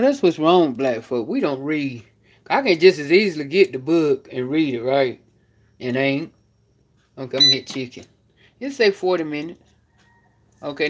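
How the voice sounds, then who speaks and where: A woman's voice: low-pitched, slight background noise. A woman, chatting casually to her viewers as she films herself at home and out on the porch. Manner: chatty, animated, talks straight to the camera. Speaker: vlogger. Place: at home, then outdoors on the porch.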